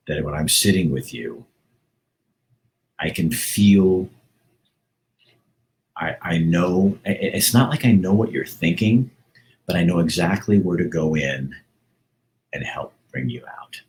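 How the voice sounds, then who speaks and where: A man's voice: rumbling low, poor audio. A middle-aged man hosting a casual monologue, talking earnestly and rambling, with frequent restarts. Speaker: host.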